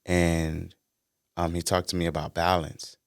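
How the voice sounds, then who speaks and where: A man with a low, smooth voice, talking as a podcast guest. He tells stories in a relaxed, slangy way with plenty of easy fillers. The sound is dry and close. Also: a little slow, no echo. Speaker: guest, R&B singer-songwriter. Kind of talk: casual podcast conversation.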